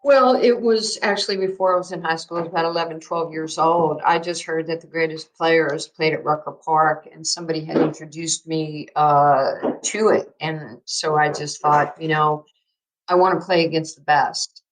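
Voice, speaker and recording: Lively storytelling woman, faint New York accent. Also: low-pitched, normal speed, low-quality recording. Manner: lively anecdotal storyteller with fillers. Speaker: guest, basketball coach. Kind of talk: storytelling in a podcast interview.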